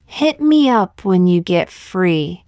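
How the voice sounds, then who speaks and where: A woman reading short example sentences one by one for English learners, in a slow, deliberate, evenly paced way. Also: lowish voice, sing-song, warm tone, clear, resonant tone, no echo, studio quality. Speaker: English teacher.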